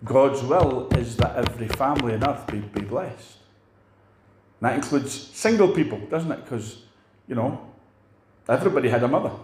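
An older man preaches in a chatty, plain-spoken way, often asking his congregation questions. His voice sits at an ordinary pitch for a man. It rings around an echoey church room. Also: expressive, normal speed, pauses often, darkish tone, a little hiss or hum. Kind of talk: sermon.

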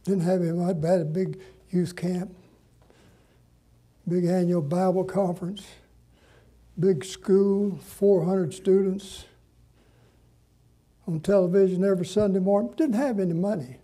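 Folksy preacher, husky and high. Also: male voice, fairly even intonation, mellow. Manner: folksy, drawn-out preaching with dramatic pauses. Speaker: pastor. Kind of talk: sermon storytelling.

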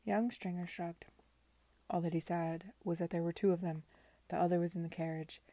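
Soft-spoken woman reading a novel aloud. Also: on the low side, level tone, moderate pace. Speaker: reader.

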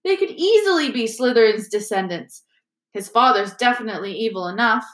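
A woman's voice: a little high, expressive, brisk, lightly acted. Serious brooding teen boy, read by a woman, grim, echoey room. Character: serious, brooding teenage schoolboy.

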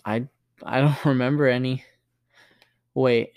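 A man's voice: medium pitch, fairly even intonation, a little slow, darkish tone, smooth. A man co-hosting a casual podcast chat, talking in an enthusiastic, rambling way. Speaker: podcast co-host.

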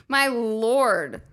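A woman's voice: a little high, a bit bright. A woman hosting a comedy podcast, rambling through a profane casual monologue with lots of fillers and acted-out quotes.

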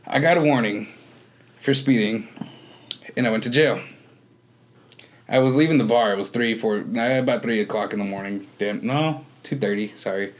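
A man's voice: lowish voice, normal speed, long pauses. A man telling stories in a casual podcast chat, laid-back and profane. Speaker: comedian guest.

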